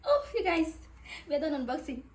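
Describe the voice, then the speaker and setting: High, lively woman vlogger. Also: moderate pace. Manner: excitable, gushing exclamations. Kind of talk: unboxing vlog.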